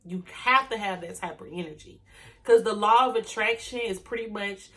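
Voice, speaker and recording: Emphatic, bright-voiced woman vlogger. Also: medium pitch. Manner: emphatic, repeats affirmations slowly; preachy and direct, ends points with "okay?". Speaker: vlogger teaching a hair business. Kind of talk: motivational talk to camera.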